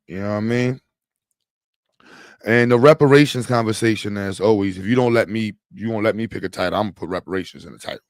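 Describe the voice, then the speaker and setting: A man with a lowish voice hosts a livestream, talking loosely and jokingly in heavy slang. The sound is dry and close, with no room around it. He rambles from thought to thought as he chats with the viewers. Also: fast talker, dry recording. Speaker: livestream host. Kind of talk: casual live chat with viewers.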